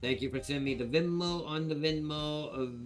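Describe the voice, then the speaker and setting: A man's voice: fairly high pitch, fairly quick, soft background music. A man hosting a livestream auction, chatting casually with viewers and telling rambling stories.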